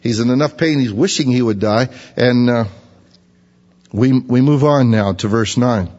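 A man's voice: medium pitch, a little slow, a little mellow. A man preaching a sermon, teaching through a Bible passage in a folksy, conversational way. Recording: lo-fi recording with long hall reverb.

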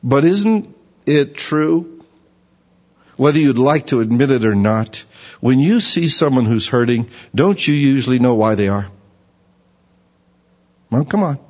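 A man preaching a sermon in a lively, conversational way, reading scripture and mimicking other people for effect. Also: medium pitch, a little slow, long pauses. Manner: animated, mocking voices of others. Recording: dull reverberant hall.

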